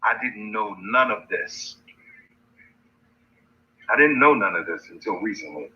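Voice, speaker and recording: A man's voice: on the low side, lively intonation, a little slow, sharp tone. A man hosting a livestream, mocking and challenging his critics in a taunting rant. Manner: mocking, challenging, repeats insults. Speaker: livestream host. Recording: dull lo-fi stream audio.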